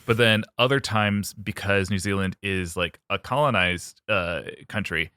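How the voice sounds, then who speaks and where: Man from the US, podcast co-host, casual chat, rambling, fillers, bright forceful voice. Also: lowish voice, unhurried, clean tone, no room sound, clean studio sound. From United States. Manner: rambling, many fillers, laughs often.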